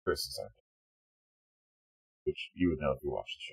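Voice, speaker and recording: A hoarse man, the regular dungeon master, loosely rambling through a casual show intro and announcements. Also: very deep voice, animated, normal speed, no echo, low-quality recording. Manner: loose, rambling, loses his train of thought.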